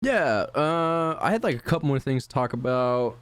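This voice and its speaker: A man's voice: mid-range voice, animated, normal speed, a bit bright, clear, resonant tone, dry recording. A man hosting a podcast in casual chat, laughing often and steering the conversation. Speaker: podcast host.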